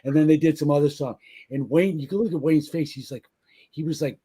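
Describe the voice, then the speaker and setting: A man with a mellow, relaxed tone tells long, rambling anecdotes. His talk is loose and profane, full of restarts and asides. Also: fairly high pitch, fairly quick, husky. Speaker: podcast guest, band member. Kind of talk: casual storytelling chat.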